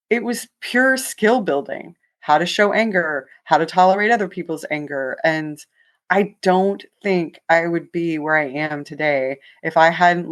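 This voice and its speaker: A woman guest with a lowish voice speaks frankly and openly in a radio interview. She tells her story with animation and drops into quoted dialogue as she goes. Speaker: author guest.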